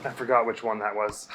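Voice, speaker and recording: A man's voice: lowish voice, background noise. A man hosting a video game let's play, giving casual, rambling commentary with self-mocking, exasperated grumbling.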